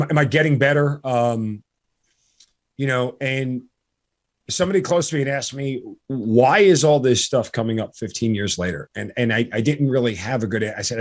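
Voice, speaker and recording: A middle-aged man hosting a podcast interview, talking casually and with feeling, stopping and restarting often with many fillers. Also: medium pitch. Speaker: podcast host.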